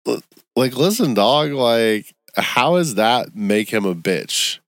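Young dude ranting solo on his podcast, swears a lot, lowish voice, dry close sound. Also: takes it slowly, no echo. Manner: profane, animated ranting, gets loud and high when worked up. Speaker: comedian podcast host. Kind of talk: casual solo rant.

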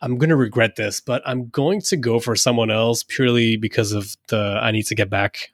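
A man's voice: medium pitch, fairly even intonation, no echo. A French-born man co-hosting a podcast, talking in loose, casual chat and laughing easily between points. His voice sits in an ordinary middle range. The recording is dry and close, with no room sound. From France. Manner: chatty, laughs often, quick asides. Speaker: podcast co-host.

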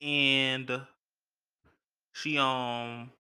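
A young man hosting a podcast, telling a story in a casual, slangy, animated way, laughing between lines. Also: mid-range voice, drawn-out words, smooth. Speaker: podcast host.

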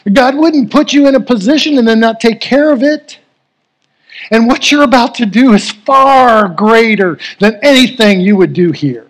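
A man voicing a calm, reassuring woman business partner in a sermon story, in a gentle way. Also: very high voice, normal speed, pitched above the performer's own voice.

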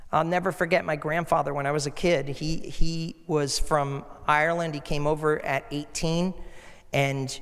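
A middle-aged man preaching a sermon as a pastor, telling stories in an earnest, conversational way. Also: fairly high pitch. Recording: echoey hall.

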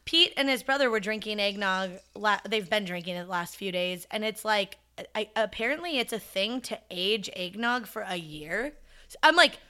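A chatty woman in a relaxed podcast conversation, talking in loose runs full of "like" and quick giggles. Her voice is bright and clear, sitting at an ordinary middle pitch. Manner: chatty, giggly, lots of "like" fillers. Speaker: podcast co-host. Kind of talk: casual chat.

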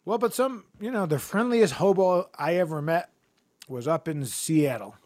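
A man chatting on a podcast, his voice sitting a little high. He rambles through anecdotes and laughs often. The sound is dry and close. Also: animated, moderate pace, a little mellow, no room sound. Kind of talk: casual podcast chat.

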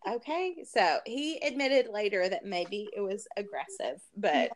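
A middle-aged woman with a drawl chats with her co-host, spinning an animated story. She acts out everyone's lines and laughs her way through it, in a voice of ordinary pitch. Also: unhurried, slight background noise. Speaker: podcast co-host. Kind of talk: casual chat.

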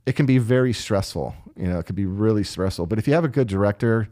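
A man's voice: fairly low pitch, quick pace. A man who works as a line producer, telling stories in a casual interview and acting out the people in them. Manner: animated, acts out voices.

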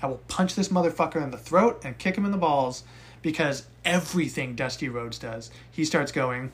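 A young man co-hosting a casual podcast, recapping a wrestling match with profane, animated rants. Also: fairly high pitch, normal speed. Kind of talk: casual chat.

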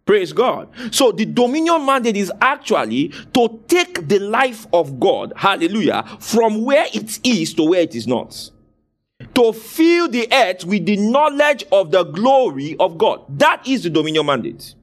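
Lively call-and-response preacher man. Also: high-pitched, unhurried. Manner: call-and-response questioning, frequent hallelujahs. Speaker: pastor. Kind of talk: sermon.

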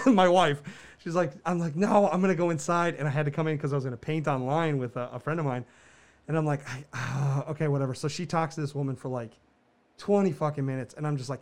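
A man's voice: fairly high pitch, fairly quick. Profane, laughing podcast co-host man. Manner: profane, laughing, animated storyteller. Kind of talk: casual storytelling chat.

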